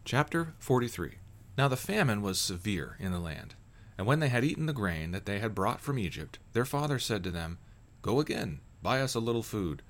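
A man reading scripture aloud in a measured, even narration. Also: lowish voice. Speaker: scripture reader.

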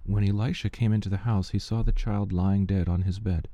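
A man giving a steady, measured reading of Bible passages aloud, with the odd slip he corrects. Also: fairly low pitch, dry recording. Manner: steady, measured reading with small slips and restarts. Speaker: scripture reader.

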